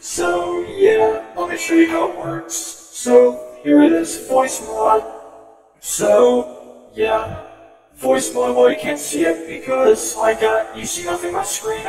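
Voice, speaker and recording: Brief: rambling vlogger man, processed high voice, gravelly, distant. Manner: rambling, giggly. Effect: voice changer effects. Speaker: YouTuber. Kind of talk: casual vlog chat. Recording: echoey, distant, with loud music.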